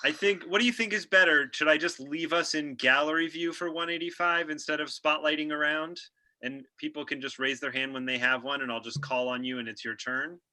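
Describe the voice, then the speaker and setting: A man's voice: on the high side, fairly even intonation, brisk, sharp tone, low-quality recording. A man hosting an improv show over a video call, chatty and laughing often as he calls on players.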